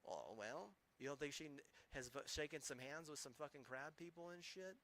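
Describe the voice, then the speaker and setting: A man's voice: a little high, normal speed, pushed and bright. A man streaming, ranting angrily with heavy swearing and rambling, restarting sentences. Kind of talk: angry profane rant.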